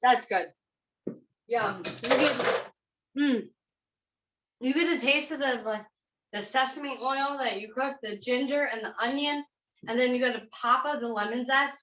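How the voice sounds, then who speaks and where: A woman's voice: high-pitched, a little slow, long pauses, fairly bright tone. A woman executive chef giving a chatty, step-by-step cooking demonstration in a kitchen. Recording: roomy, slightly dull sound.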